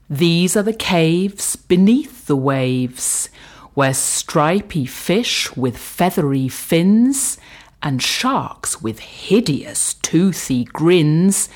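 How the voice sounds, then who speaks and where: A woman reading a rhyming picture book aloud, lilting and slipping into soft whispers. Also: lowish voice, slightly rough. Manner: slow, lilting, drops to whispers. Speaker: storyteller.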